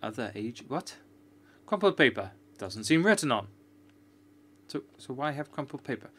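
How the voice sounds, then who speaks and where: A man's voice: medium pitch, sing-song, normal speed, a bit bright. A man giving chatty, joking, sarcastic commentary while playing a video game. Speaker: gamer. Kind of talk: let's-play commentary.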